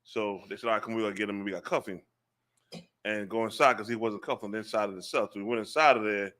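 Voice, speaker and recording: A man telling a rough personal story in casual chat, animated and full of slang. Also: fairly low pitch, fast. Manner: animated, emphatic, uses street slang.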